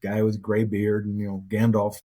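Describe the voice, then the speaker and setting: Husky low-voiced man telling stories. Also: monotone, moderate pace, warm tone, rough recording. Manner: anecdotal, earnest storytelling. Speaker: podcast guest, mortgage professional. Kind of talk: casual interview talk.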